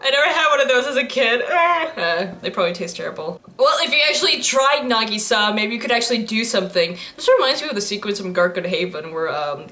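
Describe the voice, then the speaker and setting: Giggly young woman rambling thru a reaction video, high bright voice. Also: lively intonation, fast talker, few pauses. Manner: giggly, rambling, laughs often and jokes at the screen. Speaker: anime reaction YouTuber. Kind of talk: casual reaction commentary.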